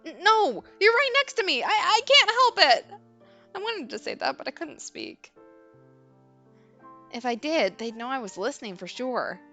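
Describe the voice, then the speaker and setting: A woman's voice: fairly high pitch, very animated, moderate pace, vocal fry, long pauses, soft background music, pitched above the performer's own voice, heavily acted. Woman reading as a flustered stammering teen boy. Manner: stammering, nervous. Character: flustered teenage boy, anxious and bashful.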